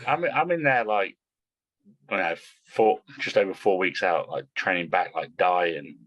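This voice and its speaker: Brief: low-pitched man, blunt and sweary, podcast guest. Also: measured pace, a bit bright, lo-fi sound. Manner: blunt, swears freely, repeats words. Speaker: guest bodybuilder. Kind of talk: casual podcast chat.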